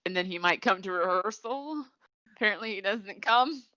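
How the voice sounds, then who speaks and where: A woman's voice: medium pitch, lively intonation, normal speed, sharp tone, dry recording, highs cut off. A woman co-hosting a podcast, rambling through a casual episode recap with lots of "like". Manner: rambling retelling, many "like" fillers. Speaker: podcast co-host.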